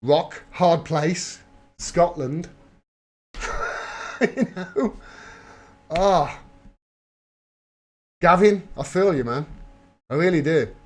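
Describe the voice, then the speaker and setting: A man's voice: a little high, expressive, very slow, long pauses. A man hosting a live stream, talking through political news and answering viewer messages in an emphatic, heated way, swearing freely. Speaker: livestream host. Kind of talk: live political commentary reading viewer chat.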